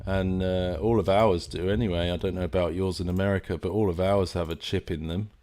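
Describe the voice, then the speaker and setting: An English man from near London hosts a live stream with a low, deep voice. He rambles casually, pausing on fillers and restarting sentences. Faint background noise sits under his voice. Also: fairly even intonation, darkish tone. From England, near London.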